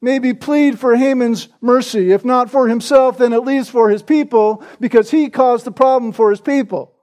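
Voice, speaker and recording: A man's voice: very high-pitched, normal speed, darkish tone. A man preaching an expository sermon in a conversational, storytelling way, often turning to his listeners with rhetorical questions.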